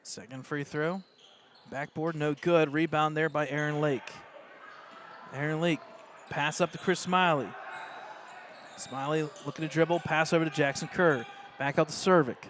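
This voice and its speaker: An American man doing live play-by-play of a high school basketball game, excitable and openly rooting for the home team. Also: a little slow, pauses often, slight background noise. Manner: excitable, partisan, rising pitch on plays. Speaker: play-by-play announcer.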